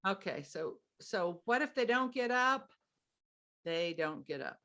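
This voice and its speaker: A middle-aged woman giving parenting advice in casual conversation, animated and acting out what parents and kids say. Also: mid-range voice, measured pace. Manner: animated, acts out parent and child lines in a sing-song voice. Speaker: parenting expert guest.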